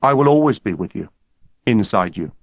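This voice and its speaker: A man reading an audiobook, voicing a calm boy who speaks softly and gently like a prophet. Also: fairly low pitch, dry recording, dull audio. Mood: serene. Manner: soft, calm, measured.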